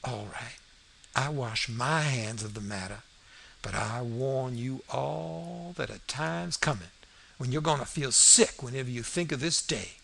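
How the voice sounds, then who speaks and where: Man voicing an indignant older male doctor, stern, forceful, gravelly. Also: medium pitch, measured pace, slight background noise. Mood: grim.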